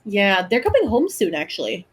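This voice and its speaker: A young woman co-hosting a podcast in casual chat, talking in quick, laughing asides. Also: medium pitch, huge pitch swings. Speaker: podcast co-host; teacher.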